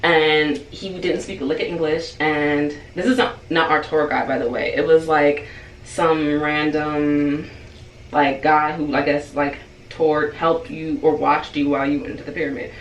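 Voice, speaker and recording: A woman's voice: sits low, fairly even intonation, unhurried. Chatty woman vlogger in a roomy space. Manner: chatty, heavy use of "like", acts out quoted dialogue. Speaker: beauty vlogger. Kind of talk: casual storytime. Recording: roomy sound, distant mic, faint noise.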